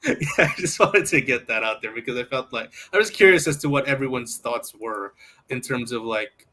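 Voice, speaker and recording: A man's voice: medium pitch, moderate pace, sharp tone. A man hosting a casual sports podcast, putting questions to his co-hosts in a hesitant, restarting way. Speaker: podcast host.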